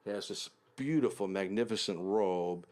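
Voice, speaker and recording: Man, from the United States, low voice, interview guest, vivid storytelling, short punchy sentences. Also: a little slow, a little mellow. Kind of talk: anecdotal storytelling.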